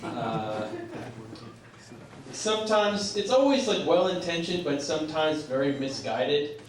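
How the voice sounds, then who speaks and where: A young man performing a stand-up comedy set on a small club stage, self-deprecating and halting, with many "uh"s and "like"s. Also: on the high side, lively intonation, slight background noise. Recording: echoey live club recorded from a distance. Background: audience laughter.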